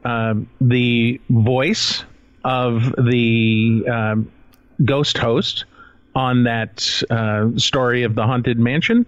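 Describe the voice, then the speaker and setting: Slow-talking man, dry muffled audio. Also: medium pitch, steady tone, no room sound. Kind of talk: casual chat.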